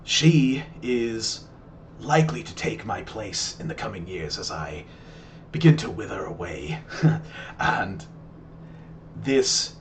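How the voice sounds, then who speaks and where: Elderly aristocratic matriarch, played by the male game master: gentle, whispery, unhurried and dignified. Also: on the low side, animated, slight background noise. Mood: formal. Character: elderly noble matriarch, grandmother, poised and formal.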